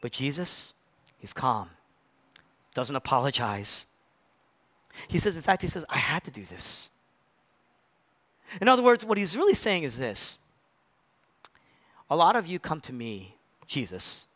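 Lively, bright-voiced man preaching a sermon. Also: measured pace, pauses often. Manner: animated, swings from loud rises to hushed low lines. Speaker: pastor. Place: church.

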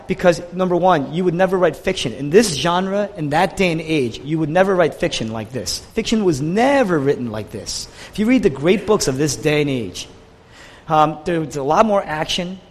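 A man preaching a sermon with an impassioned delivery that swings from quiet to raised, with a husky voice. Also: fairly high pitch, long reverb tail.

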